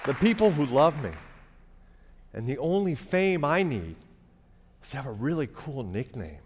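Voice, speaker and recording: With a faint crowd in the background, a middle-aged man tells an easygoing, wry comic story from a theater stage, engaging the audience. He speaks at normal speed in a medium-pitched, sing-song voice, captured by a stage mic with long reverb and faint hiss.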